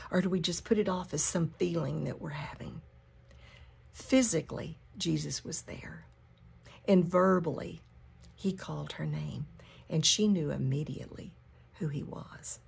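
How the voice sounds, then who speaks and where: Woman, Bible study teacher, very breathy, gravelly, unhurried, whispers for emphasis. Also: fairly low pitch. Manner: drops to a hushed whisper for emphasis; repeats key phrases slowly. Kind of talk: scripture reading and teaching.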